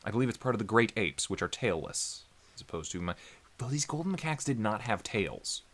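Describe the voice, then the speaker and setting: A man's voice: fairly low pitch, sing-song, fairly quick, fairly bright tone. A man co-hosting a casual anime review chat, rambling with many fillers and laughing often. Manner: rambling, laughs often, mimics characters in silly voices. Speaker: podcast co-host.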